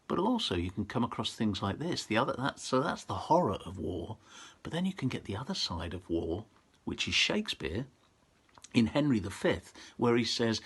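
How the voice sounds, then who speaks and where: A middle-aged man with a husky, rather low voice talks to school pupils about poetry. He speaks casually and keeps breaking off and restarting his sentences. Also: sing-song. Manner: chatty, restarts often, reads verse slowly and forcefully. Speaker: poet and author visiting schools. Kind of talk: informal talk to pupils with dramatic poetry reading.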